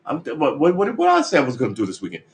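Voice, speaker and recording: A man's voice: a little high, wildly swooping pitch, very fast, low-quality recording. A man live-streaming his guitar practice, chatting in a rambling, jokey, self-mocking way. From United States. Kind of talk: casual live-stream chat.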